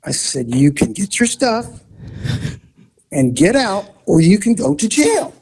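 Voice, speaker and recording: A man's voice: high-pitched, big pitch swings, unhurried, darkish tone, slight background noise. A man who was a police officer, casually telling a story and acting out voices and sound effects.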